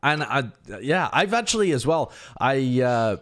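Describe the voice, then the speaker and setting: A man's voice: mid-range voice, big pitch swings, measured pace, a bit bright. Dry-humoured young British man. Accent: British, softened Birmingham. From England. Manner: dry, self-mocking humour with restarts. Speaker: esports caster. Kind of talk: casual chat.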